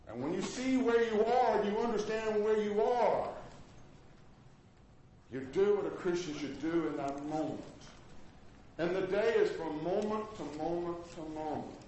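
A male pastor preaching a sermon, swinging from loud highs to low murmurs. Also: unhurried, pauses often. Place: church sanctuary. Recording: echoey hall with faint noise.

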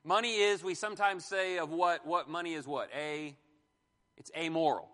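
A man with a high, bright voice preaches to a class in an animated way, firing questions at the room and slipping in jokes. His voice rings through a hall with a long echo. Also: moderate pace. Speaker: pastor teaching a marriage class. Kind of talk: sermon-style Bible teaching.

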